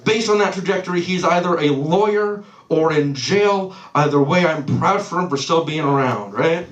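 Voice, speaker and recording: A man's voice: a little high, moderate pace, recorded from a distance, muffled recording. A man doing a live stand-up set in a small club, loose and swearing, losing his place and laughing it off. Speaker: stand-up comedian. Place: small comedy club stage. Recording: roomy club sound from off-mic.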